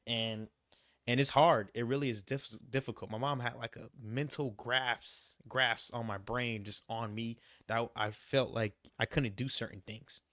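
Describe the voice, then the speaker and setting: In a measured, steady way, a young travel vlogger offers motivational advice, casual yet emphatic, repeating himself and often saying "you gotta." His medium-pitched voice is fairly bright, with no room sound.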